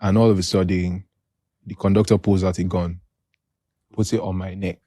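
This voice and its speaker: Nigerian guy hosting a podcast, low voice, dry close sound, chatty storyteller. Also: moderate pace, no room sound. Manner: animated, laughs often while telling stories. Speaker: podcast host. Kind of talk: casual storytelling chat.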